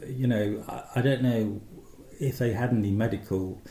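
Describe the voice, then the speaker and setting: A man co-hosting a relaxed podcast, explaining things with easy laughter. His voice is warm and mellow, with a roomy echo around it. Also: lowish voice, moderate pace, vocal fry. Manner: explanatory, easily amused. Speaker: podcast co-host. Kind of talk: casual chat. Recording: echoey room.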